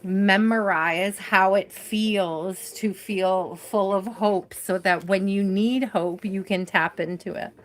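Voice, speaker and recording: A woman's voice: mid-range voice, fairly even intonation, slow pace, hardly any pauses. A woman hosting a live tarot reading, giving a spiritual pep talk to her viewers in a tired, encouraging way. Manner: warm encouraging, spiritual pep talk, reads names from chat; tired, yawning. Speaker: tarot reader.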